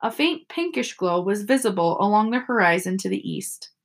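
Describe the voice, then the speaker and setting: A woman teacher reading a novel aloud to children, expressive and storytelling. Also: medium pitch, normal speed. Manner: expressive storytelling with character voices.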